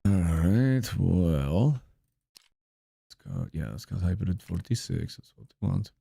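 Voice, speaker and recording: A young man with a very low voice gives casual gameplay commentary. He talks slowly, rambling and swearing as he grumbles about his game. The recording is dry and close. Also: big pitch swings, vocal fry, dark tone, husky, dry recording. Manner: rambling, profane, frustrated grumbling. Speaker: gaming channel host.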